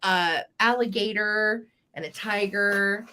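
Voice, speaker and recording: A woman's voice: medium pitch, slow, sharp tone. A woman hosting a casual vintage live sale, giggling as she reads a children's book aloud. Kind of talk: casual live-stream selling chat.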